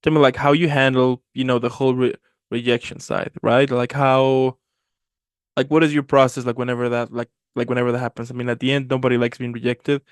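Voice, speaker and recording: A man's voice: medium pitch, flat delivery, brisk, clear, resonant tone, dry recording. A man hosting an interview, asking enthusiastic questions full of fillers. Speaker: host.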